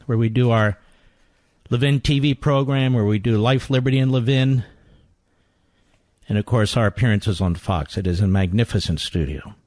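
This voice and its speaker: A man hosting a talk radio show in a studio, insulting his targets in a ranting, combative monologue that climbs toward shouting. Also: medium pitch, no room sound. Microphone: studio microphone.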